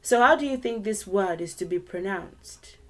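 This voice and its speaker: A woman's voice: medium pitch, lively intonation, moderate pace. A woman teaching a beginners' language lesson online, patiently repeating syllables and tones many times.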